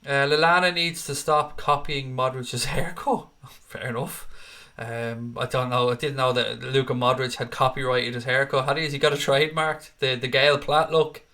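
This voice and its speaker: A man's voice: medium pitch, steady tone, moderate pace, sharp tone. A man, chatting casually as host of a live stream and reading out viewer comments. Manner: chatty, casual, swears freely.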